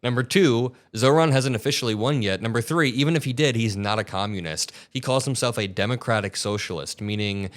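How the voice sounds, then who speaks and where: A man's voice: mid-range voice, brisk, few pauses. A man hosting an online political commentary show, talking in a blunt, combative way.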